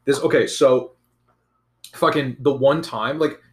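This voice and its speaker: A young man in casual chat, telling a profane, animated story about school. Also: mid-range voice, unhurried. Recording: roomy echo.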